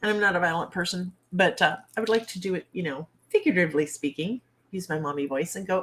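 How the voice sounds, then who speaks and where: Woman, livestream host, somewhat low voice, blunt, exasperated, salty humor, home webcam mic. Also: fast, few pauses, fairly bright tone. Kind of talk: casual livestream chat.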